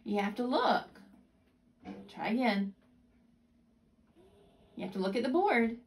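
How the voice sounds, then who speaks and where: Woman, mother, coaching a small child, encouraging, patient, higher voice, very lively melody, noisy home recording. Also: slow pace. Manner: patient, encouraging, sing-song talk to a child. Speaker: mother and caregiver. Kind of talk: coaching a young child through play.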